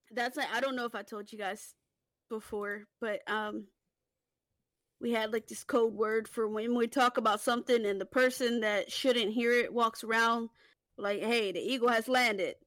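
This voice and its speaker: A woman with a fairly high voice tells casual stories on a podcast, animated and profane, laughing often. Her voice sits close and dry on the mic. She talks like she is chatting with friends. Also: measured pace, long pauses, no room sound. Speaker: podcast host. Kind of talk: casual storytelling chat.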